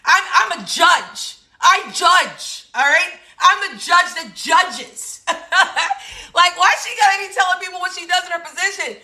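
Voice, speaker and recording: A thirties woman hosts her own show, delivering animated, sassy political commentary with frequent laughter and exclamations. Her voice is very high, and she keeps a measured pace.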